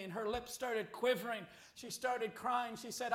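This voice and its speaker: High-voiced preacher man, echoey church. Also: steady tone, moderate pace, hardly any pauses. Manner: storytelling preacher, rising to shouts. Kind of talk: sermon.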